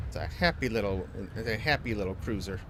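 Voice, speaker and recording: A man's voice: lowish voice, expressive, quick pace, noisy background. A man casually chatting and joking while streaming a video game, playful and chatty with silly sound effects. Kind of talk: casual gameplay commentary.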